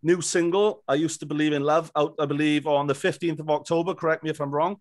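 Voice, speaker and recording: A man's voice: fairly high pitch, steady tone, fast. A man in his fifties hosting an interview show, introducing his guests with showman flair. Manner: showman-style announcer introductions. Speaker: host. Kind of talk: casual interview chat.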